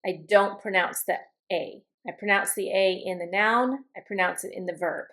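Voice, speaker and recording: A woman teaching an English vocabulary lesson in an even, mid-pitched voice. She slows down to sound words out carefully, repeating them for her learners. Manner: slow, careful pronunciation drills.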